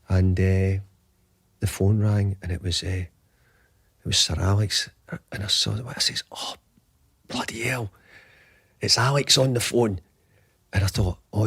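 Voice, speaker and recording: A man's voice: sits low, slightly rough, no room sound, studio quality. A man in his fifties, a football manager guest, telling a long anecdote with lots of restarts and acted-out dialogue. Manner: animated anecdotes, acts out quoted dialogue, frequent restarts. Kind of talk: conversational storytelling.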